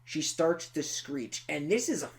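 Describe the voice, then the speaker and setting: A man co-hosting a podcast, chatting casually and excitably about a horror film and teasing his co-host. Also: fairly high pitch, a little slow. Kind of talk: casual film review chat.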